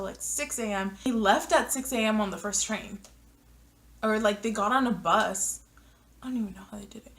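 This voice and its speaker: A young woman from the United States telling a story to the camera in a chatty way, heavy on fillers, now and then dropping into hushed asides. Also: mid-range voice. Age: young adult. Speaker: vlogger. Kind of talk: casual storytime.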